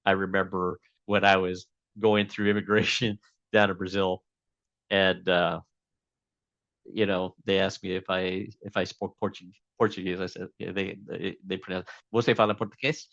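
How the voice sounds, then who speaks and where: A man's voice: low voice, little pitch movement, normal speed, vocal fry, a bit bright, no echo, muffled recording. A man being interviewed as a guest, telling a long story casually with many fillers and restarts.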